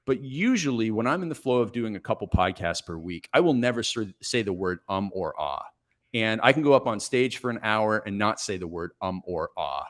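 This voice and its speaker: Energetic man in his forties, low voice. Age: 40s. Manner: energetic, brisk and self-reflective. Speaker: podcast guest, business coach. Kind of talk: podcast interview, storytelling.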